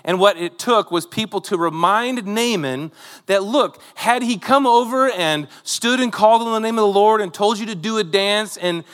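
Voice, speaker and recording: A pastor preaches a sermon, retelling a Bible story conversationally and tossing rhetorical asides to the congregation. His voice is high and fairly bright, at a moderate pace, echoing in a big room.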